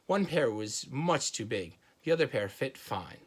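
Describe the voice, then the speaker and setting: A man reading a children's chapter book aloud in a steady storytelling manner. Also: mid-range voice, a little slow, slightly rough. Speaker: reader.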